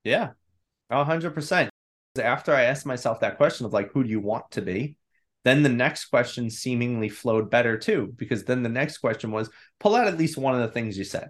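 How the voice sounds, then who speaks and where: A man in his thirties, a podcast guest, telling a personal story in a candid, animated way and acting out his own inner voice. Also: mid-range voice, fairly quick. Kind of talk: casual storytelling.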